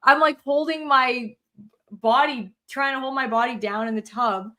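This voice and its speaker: A woman co-hosting a relaxed conversation. Her voice is a little high. She talks frankly and loosely, with plenty of fillers and the odd curse word. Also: normal speed. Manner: frank and chatty, swears, heavy filler "like". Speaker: co-host. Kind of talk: casual chat.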